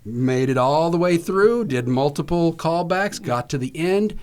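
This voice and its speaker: A man's voice: a little high, measured pace. A man from Virginia, a podcast host and voice actor, telling anecdotes in casual chat and acting out the quotes he tells. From Virginia, US South. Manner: animated anecdote teller, acts out quotes.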